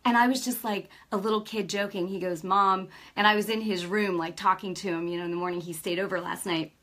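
A middle-aged woman giving a casual faith talk, telling stories with lively energy and often checking in with her listeners. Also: mid-range voice, fast talker. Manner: lively storytelling, acts out quoted dialogue; peppers speech with "right?" and "you know". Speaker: Christian speaker.

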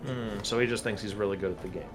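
A man's voice: fast, music in the background. A man playing a tabletop game, chatting casually about his character. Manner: casual, chatty, with lively pitch. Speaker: player.

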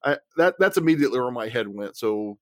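A man's voice: medium pitch, lively intonation, quick pace, no room sound, clean studio sound. A man co-hosting a casual sports podcast, speaking tentatively and trailing off and restarting his sentences. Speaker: podcast co-host.

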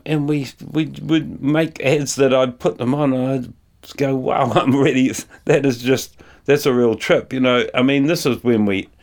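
A man's voice: mid-range voice, a little mellow. A man who composes music for ads, talking casually and rambling with many fillers and restarts. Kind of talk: casual conversation.

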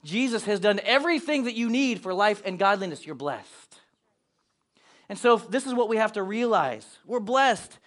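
A man preaching a sermon as pastor, animated and storytelling. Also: high voice, moderate pace. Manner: animated, storytelling with acted-out asides.

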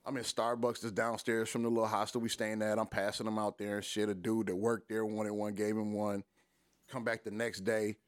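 A man's voice: fairly quick, dry recording, clean studio sound. A man from Detroit telling casual stories on a podcast, acting out quotes with big jumps in his voice and plenty of swearing. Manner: animated, profane, acts out quotes with big pitch jumps. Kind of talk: casual storytelling.

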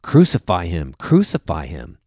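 A man voicing an angry crowd of priests, read louder and more insistently during a scripture reading. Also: sits low, expressive, moderate pace, dry recording, clean studio sound.

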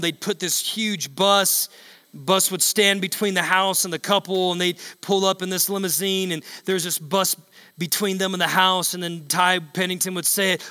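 High, bright-voiced male preacher. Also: smooth, in a large hall. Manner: emphatic and repetitive, building to shouts. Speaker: pastor. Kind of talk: sermon.

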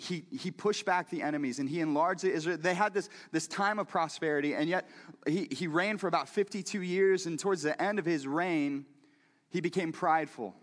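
A man's voice: on the high side, a bit bright, big-room sound. A man preaching a conversational sermon who keeps putting questions directly to his listeners. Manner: talks directly to the audience with questions.

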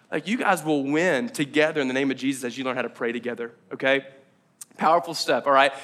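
Bright, high-voiced man preaching casually. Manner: conversational, jokey, acts out imagined inner voices. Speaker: pastor. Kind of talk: casual sermon. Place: church meeting room.

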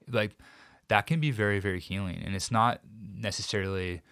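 A man as an interview guest, recounting a painful personal story in a reflective, halting way with many restarts. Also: lowish voice, fairly bright tone, clean tone, dry recording, clean studio sound.

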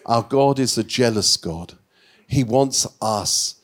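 A man preaching a sermon, telling a Bible story with lively acted-out dialogue and frequent stammered restarts. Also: slow pace. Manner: animated storytelling preacher, acts out Bible dialogue with rising pitch.

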